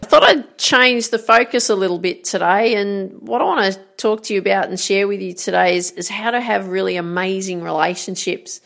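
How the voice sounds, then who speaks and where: A woman's voice: mid-range voice, normal speed, vocal fry, hardly any pauses, fairly bright tone. A woman giving an encouraging motivational talk as a coach, often checking in with "right?". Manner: encouraging, repeats "right?" and "guess what?". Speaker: golf and life coach.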